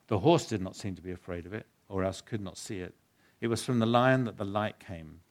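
Pastor guy, lowish voice, reading a story out in his sermon, earnest and steady. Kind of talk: sermon with a read-aloud story.

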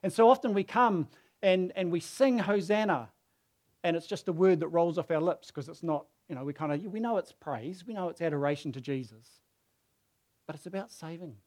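A man's voice: fairly high pitch, moderate pace, a little mellow. A man preaching a sermon who tells the story casually and acts out the quoted voices.

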